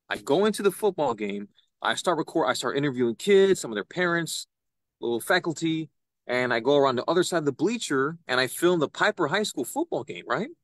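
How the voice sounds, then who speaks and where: A young man, a podcast guest, telling an animated story and acting out the people he quotes. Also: a little high, no echo. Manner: excitable, acts out quoted voices. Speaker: podcast guest, citizen news reporter.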